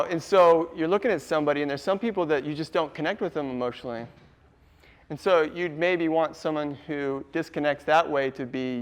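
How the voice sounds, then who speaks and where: A man's voice: a little high, smooth. Chuckling man presenting to a crowd. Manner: chuckly, quizzes the audience often. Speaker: workshop presenter. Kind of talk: casual audience lecture. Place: room with a live audience.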